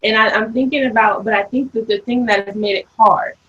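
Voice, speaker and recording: Husky-voiced woman in her early twenties. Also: medium pitch, a little fast, lo-fi sound. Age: early 20s. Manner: animated storytelling, laughs often. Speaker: daughter. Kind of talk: casual panel chat.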